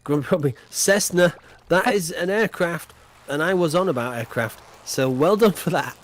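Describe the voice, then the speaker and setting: A man's voice: a little high, moderate pace. A man hosting a quiz on a casual game livestream, teasing the players and announcing the winners with mock-grand flourishes.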